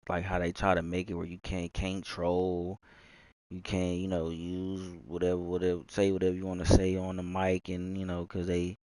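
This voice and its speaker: A man's voice: sits low, completely flat delivery, moderate pace, darkish tone, no echo. A young man from Texas, rambling casually into his mic with lots of fillers, sighs and swearing. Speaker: gamer streamer.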